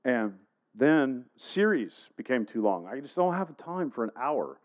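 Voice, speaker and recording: A man's voice: mid-range voice, big pitch swings, measured pace, highs cut off. A man preaching a sermon, telling a personal story in a conversational way and putting questions to the congregation. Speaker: pastor.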